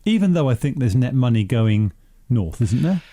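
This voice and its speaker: A man's voice: medium pitch, sing-song, normal speed, mellow. A man in a radio discussion, wry and conversational, stumbling a little into his points. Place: radio studio.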